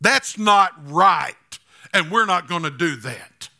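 A man's voice: sits high, lively intonation, slow pace, vocal fry, bright, forceful tone. A man preaching a sermon as pastor, building to emphatic, repetitive declarations. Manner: repetitive rhetorical phrasing.

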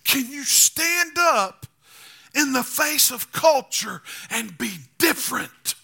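A man's voice: extremely high pitch, sing-song, very slow, vocal fry, pushed and bright, husky. A man preaching a sermon as pastor, building to emphatic, repetitive declarations. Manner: repetitive rhetorical phrasing.

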